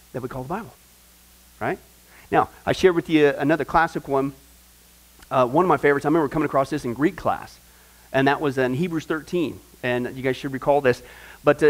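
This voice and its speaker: A middle-aged man leads a Bible class. His voice sits high for a man, and he teaches in an animated way, checking in with his students through frequent questions. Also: low-quality recording.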